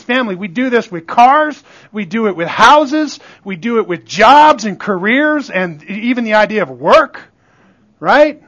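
A man delivers a sermon as pastor, talking conversationally and repeatedly addressing the congregation directly. His voice sits high with a fairly bright tone, and the recording sounds dull and lo-fi.

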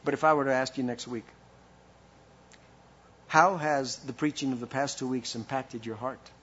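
A man's voice: mid-range voice, fairly even intonation, moderate pace, fairly bright tone, slightly rough, muffled recording. A man preaching a sermon as pastor, with impassioned rhetorical questions and a delivery that rises and falls.

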